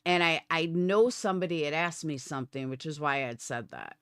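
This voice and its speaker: A woman's voice: low-pitched, expressive, a little fast, clean tone, no room sound, studio quality. A woman live streamer ranting at her viewers, profane and combative. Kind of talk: livestream rant.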